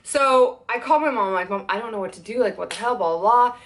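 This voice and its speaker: A young woman venting in a fast, worked-up storytime vlog, swearing as she tells it. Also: fairly high pitch, expressive, a bit bright. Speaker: content creator.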